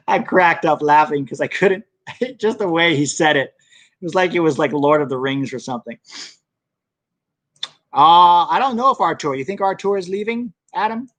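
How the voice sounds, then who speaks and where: Young man from the US, live stream host, chatty, fairly high voice, dry close sound. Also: moderate pace, a bit bright, no echo. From United States. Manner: chatty, reading viewer comments aloud. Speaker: soccer channel host. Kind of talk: casual live stream chat.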